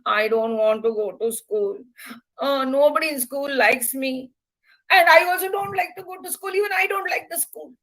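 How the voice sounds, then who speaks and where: A woman's voice: sits high, moderate pace, fairly bright tone, rough recording. A woman doing a whiny sad little schoolboy. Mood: whining. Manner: whiny, complaining.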